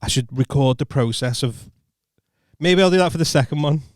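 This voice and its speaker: A man's voice: fairly high pitch, a little fast, dry recording, clean studio sound. A man co-hosting a podcast as a comedian, chatting casually, laughing often and swearing freely. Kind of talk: casual chat.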